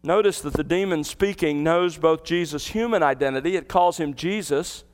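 Speaking at a normal speed, a pastor preaches an expository sermon from the pulpit in a high, resonant, smooth voice. His earnest teaching includes a vivid retelling of the scene and rhetorical questions aimed at the congregation.

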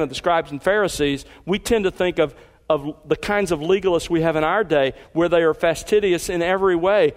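Reading from scripture, a pastor works through an expository sermon, lifting his fairly high voice emphatically on the main points. A long reverb tail trails his words.

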